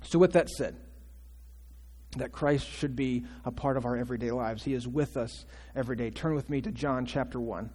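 A man's voice: medium pitch, moderate pace, dark tone, breathy edge. A male pastor preaching a conversational sermon, asking the congregation questions and acting out quotes. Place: church sanctuary. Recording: long church reverb.

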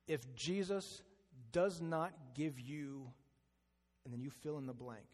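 A man delivers a sermon as a pastor, his voice sitting a little high for a man. He leans into a slow, hushed delivery when he stresses a point. A long reverb from the hall trails after every phrase.

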